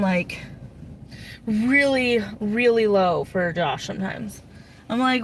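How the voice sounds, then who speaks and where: A woman's voice: a little high, expressive, a little slow. A woman from Mississippi, vlogging in casual talk, blunt and candid with some swearing. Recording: car interior road noise.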